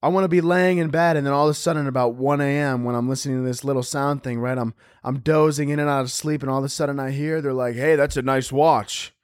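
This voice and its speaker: A young man hosting a podcast, riffing in a profane, rambling comic monologue and often breaking into squeaky impressions. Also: fairly even intonation, fast talker, few pauses, clean tone, no echo, clean studio sound. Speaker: podcast host.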